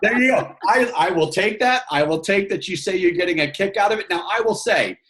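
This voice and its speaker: A man's voice: sits high, expressive, brisk, fairly bright tone. A man hosting a casual online show, upbeat and encouraging as he chats with his co-host. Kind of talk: casual chat.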